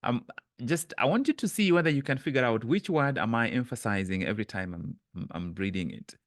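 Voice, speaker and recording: A man's voice: mid-range voice, lively intonation, brisk, no room sound, clean studio sound. A man leading a live online coaching session over a webcam, speaking earnestly with frequent restarts and repeated words.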